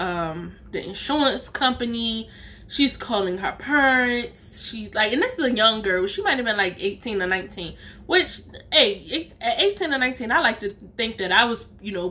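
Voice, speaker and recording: A woman vlogger telling a story in a casual, animated way, full of slang and emphatic asides. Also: on the high side. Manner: acts out other people's lines in her own voice.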